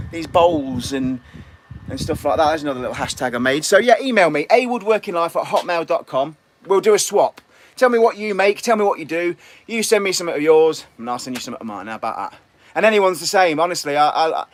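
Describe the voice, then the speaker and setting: A middle-aged English man with an English accent, rambling and restless as he chats casually to viewers on a woodworking live stream. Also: a little high. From England.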